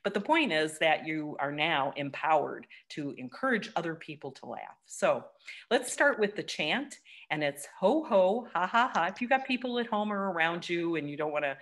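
A woman with a low voice leads a laughter workshop over a video call. She is encouraging and laughs often, and she breaks into loud chants. The call audio is noisy. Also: expressive, moderate pace. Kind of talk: online workshop talk.

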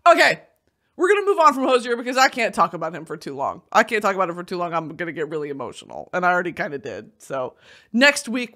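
Young woman host, brash and theatrical, wildly lively intonation, uncensored casual chatter. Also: fairly low pitch. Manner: animated, bursts of shouting and laughter, swears freely. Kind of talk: casual commentary.

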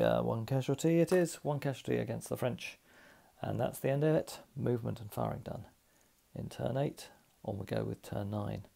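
A man works through a tabletop battle roll by roll, thinking aloud as he tallies the results. His voice is deeply gravelly and husky, with a dark, mellow tone. He talks in an unhurried, methodical way. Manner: methodical, thinks aloud while tallying dice rolls. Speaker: tabletop wargame player narrating a solo game. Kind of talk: casual play-by-play narration.

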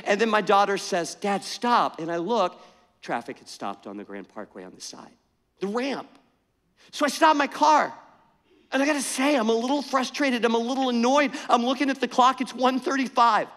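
A middle-aged man preaching a sermon, telling an animated, self-mocking story in a conversational way. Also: extremely high pitch, moderate pace. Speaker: pastor. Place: church sanctuary. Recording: church hall reverb.

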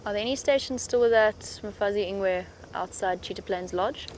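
A woman's voice: medium pitch, normal speed, slight background noise. Chatty woman guiding a live safari. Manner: chatty and hopeful, hushed when near animals. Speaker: safari guide presenting a live broadcast. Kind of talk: live safari commentary from a vehicle. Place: open-air safari vehicle in the bush.

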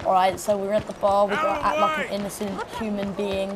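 A man giving excitable, shouty let's-play commentary. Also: high voice, a little fast. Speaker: gaming YouTuber. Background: loud game music and sounds.

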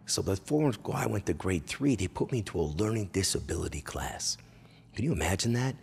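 A Canadian man in his forties, a comedian hosting his own show, telling a crude, animated life story and breaking into loud impressions and yells. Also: deep voice, fairly quick, gravelly, slight background noise. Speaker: comedian host.

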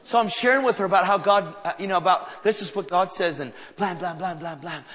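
A man preaches to a live crowd, telling his stories with animated energy and acting out each exchange. His voice is bright and forceful and sits a little high. Long reverb from a large hall trails each phrase. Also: fast. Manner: animated, acts out dialogue in anecdotes. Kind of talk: sermon storytelling.

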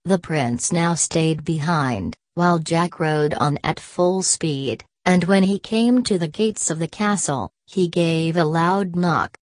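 Rich: a woman with a low voice narrating a bedtime audiobook, slow and soothing. The recording is dry and close. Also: no echo.

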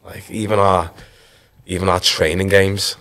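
Low-voiced Liverpool man, relaxed storyteller. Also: measured pace, creaky. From Liverpool, England. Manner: relaxed storytelling, frequent "like" and "you know". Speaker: podcast guest, former footballer. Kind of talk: casual interview chat.

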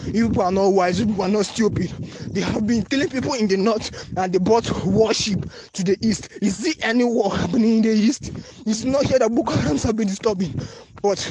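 A man's voice: sits high, a little mellow, breathy edge. A man with a Nigerian English accent, making an urgent, repetitive, pleading appeal in a phone voice note. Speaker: anonymous voice-note caller. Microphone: phone voice recording.

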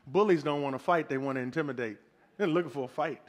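A pastor delivering a sermon, preaching emphatically with lots of repetition and call and response. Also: male voice, fairly high pitch, fast talker.

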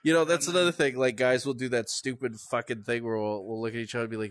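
A man's voice: medium pitch, steady tone, quick pace, no room sound. A man doing a crude, rambling stand-up rant at home, swearing constantly and laughing at his own jokes. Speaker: comedian. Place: at home, indoors.

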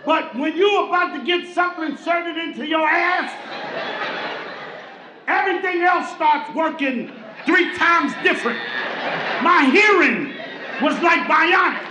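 A middle-aged man from the Bronx, doing a loud, animated stand-up comedy routine on stage. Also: unhurried, long pauses. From the Bronx, New York. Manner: loud and animated, shouting punchlines, dropping into deep voices for other characters. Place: large comedy stage with a live audience. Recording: echoey live venue with crowd noise.

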